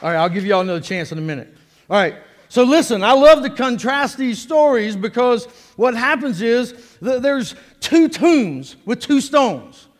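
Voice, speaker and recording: High-voiced preacher in an echoing hall. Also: male voice, normal speed. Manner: animated and joking, drawing in the congregation. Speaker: pastor. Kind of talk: sermon. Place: church sanctuary. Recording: long reverb of a church hall.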